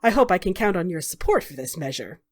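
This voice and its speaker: A woman's voice: on the low side, sing-song, fast. Woman doing a menacing, silky male noble for a tabletop game. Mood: silky menace. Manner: mock-polite, taunting. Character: cruel smug male magister, sly and menacing.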